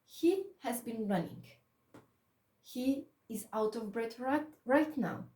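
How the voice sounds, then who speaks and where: A woman with a non-native accent teaches English grammar slowly and patiently, stopping often to check that she is understood. Her voice sits fairly high with a mellow tone. She is recorded from a distance in an echoey room. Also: expressive. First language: Macedonian. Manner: slow, patient, repeats "okay?" to check understanding. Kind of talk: online grammar lesson.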